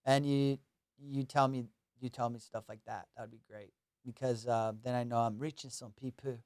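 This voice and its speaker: A young man hosting a solo comedy podcast, rambling loosely and joking while high on cannabis. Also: fairly even intonation, moderate pace, a little mellow, dry recording, studio quality. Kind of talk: casual solo podcast chat.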